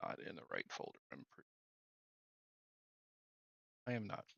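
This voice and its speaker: A man's voice: deep voice, wildly swooping pitch, moderate pace, creaky, a bit bright, no room sound, lo-fi sound. A man streaming a game, chatting casually and thinking aloud as he hunts through his files. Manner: distracted, thinking aloud while hunting for files. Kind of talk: casual gameplay chat.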